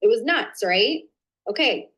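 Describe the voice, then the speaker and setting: A chatty, excitable woman hosts a live online coaching stream, her pitch swinging up and down as she talks. She talks straight to her viewers and drops into quiet asides to herself while she sorts out her slides, all heard through a computer mic. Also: measured pace, slightly rough, poor audio. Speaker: host of a live business training.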